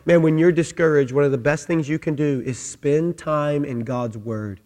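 A male pastor preaching a sermon with emphatic repetition, building to loud, rousing peaks. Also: a little high, fairly even intonation, moderate pace, few pauses, in a large hall.

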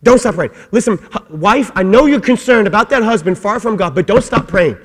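A man preaching a sermon as pastor, emphatic, repeating his phrases and swinging between loud and soft. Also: high-pitched, expressive, a little fast. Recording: long hall reverb.

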